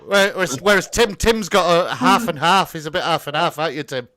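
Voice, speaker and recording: A man's voice: a little high, brisk, crowd noise. A man hosting a casual live chat, joking, swearing and laughing often. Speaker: host.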